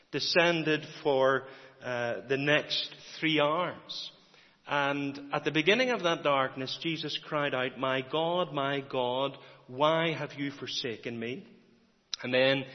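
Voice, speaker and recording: A man preaching a sermon, measured and dramatic, pausing often and repeating key refrains. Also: medium pitch. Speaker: pastor. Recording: dull lo-fi recording with long hall reverb.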